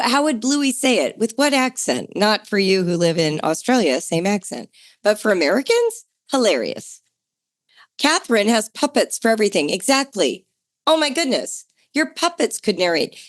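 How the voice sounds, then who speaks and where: A middle-aged woman hosts a podcast on teaching children at home. Her talk is chatty and enthusiastic, at an ordinary middle pitch that leaps upward when she gets excited about an idea. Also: normal speed. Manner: enthusiastic, chatty, jumps to a bright higher pitch for emphasis. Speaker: podcast host.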